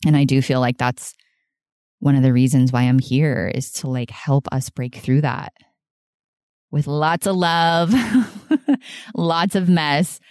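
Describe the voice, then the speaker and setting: A woman's voice: very deep voice, fairly even intonation, takes it slowly, pauses often, darkish tone, no room sound, clean studio sound. A woman hosting a solo podcast, talking in an earnest, rambling way, often laughing and saying "like". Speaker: podcast host.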